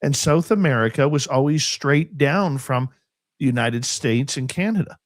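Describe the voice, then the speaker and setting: A man's voice: medium pitch, moderate pace, no echo. A man hosting a radio interview, reading listener questions in a plain, matter-of-fact way. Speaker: radio show host.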